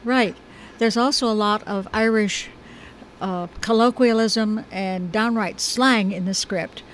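An American woman speaks in an easygoing, thoughtful way about directing a play, now and then slipping in a dry joke. Her voice sits at an ordinary middle pitch. A faint hum of noise lies under her words. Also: steady tone, takes it slowly, low-quality recording. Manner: chatty, thoughtful, gently humorous. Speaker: stage director. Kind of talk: conversational interview.

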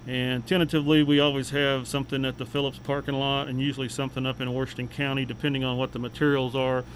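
A man speaking as a city official on a local radio talk segment, plain and unhurried with many fillers. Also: medium pitch, level tone, slight background noise, rough recording. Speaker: city official giving updates.

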